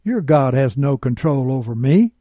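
Man voicing bitter witch woman, contemptuous, arrogant, dark timbre, dry close sound. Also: mid-range voice, expressive, slow, no room sound. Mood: scornful. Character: scornful bitter adult woman, a self-declared witch.

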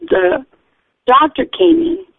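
A high-voiced woman shares her testimony with eager, earnest storytelling. The sound is dry and narrow, like a tinny radio broadcast. She acts out the other people in her story as she goes. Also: slow pace, vocal fry, dry recording. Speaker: testimony speaker. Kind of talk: personal testimony.

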